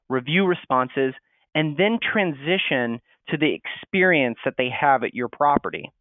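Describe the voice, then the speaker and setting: A man's voice: on the high side, no echo. Man presenting over tinny audio. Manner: steady, explanatory, reads sample replies aloud. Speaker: marketing presenter. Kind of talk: webinar presentation. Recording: tinny phone-like audio, dry.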